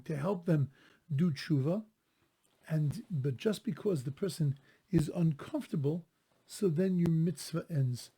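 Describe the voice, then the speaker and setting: Gravelly, husky rabbi giving a Torah talk. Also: male voice, on the high side, mellow. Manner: conversational, restarts phrases, Hebrew quotes translated. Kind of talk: weekly Torah portion talk.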